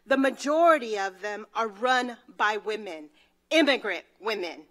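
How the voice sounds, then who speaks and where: A woman, head of an advocacy group, giving an energetic conference speech on stage. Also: on the high side, unhurried. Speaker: executive director of an immigrant rights group.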